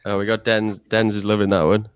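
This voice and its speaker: A man's voice: lowish voice, monotone, brisk, clear, resonant tone. A man co-hosting a podcast, amused and easygoing in casual chat. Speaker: podcast co-host.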